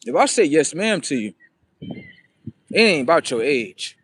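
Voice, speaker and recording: A man's voice: fairly high pitch, a little slow, husky, dry recording. Rambling man telling a story. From Florida. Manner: rambling, repeats himself, quotes others in lively voices. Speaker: vlogger. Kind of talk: casual storytelling while walking.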